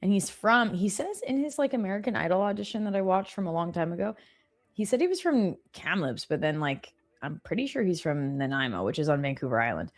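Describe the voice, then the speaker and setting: A woman's voice: fairly low pitch, sing-song, fairly quick. A woman co-hosting a live trading stream, chatting casually, laughing and cheering her trades on.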